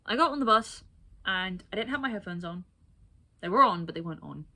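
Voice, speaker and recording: A woman tells a bus story straight to camera in a casual vlog. Her voice sits at a middle pitch for a woman, and she talks in lively bursts. She breaks into exasperated asides and quick mimicry of the people she overheard. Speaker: vlogger.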